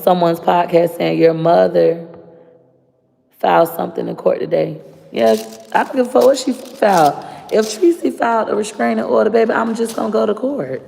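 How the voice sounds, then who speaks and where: A woman's voice: mid-range voice, gravelly, mellow, slight background noise. A woman with a Florida accent ranting bluntly and profanely to camera. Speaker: vlogger. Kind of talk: casual rant to camera. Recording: long reverb.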